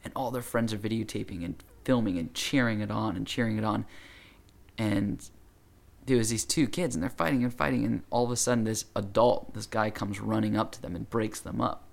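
Gravelly-voiced man in earnest chat. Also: fairly low pitch, brisk. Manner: talkative, earnest storytelling. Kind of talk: casual chat.

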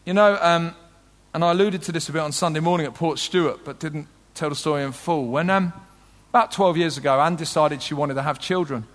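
A man preaching a sermon with passion, swinging from loud urgent peaks to soft low moments. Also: a little fast, in a large hall. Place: large tent.

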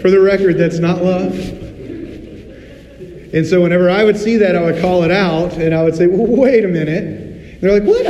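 A man preaching a sermon as pastor, talking candidly and conversationally, acting out quick little voices as he goes. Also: high voice, mellow, muffled recording, a little hiss or hum. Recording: roomy hall reverb, faint ambience.

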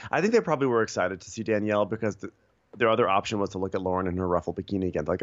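A man co-hosting a comedy podcast, riffing on a reality show with deadpan absurd bits. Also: lowish voice, rapid-fire, no echo, muffled recording. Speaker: podcast co-host.

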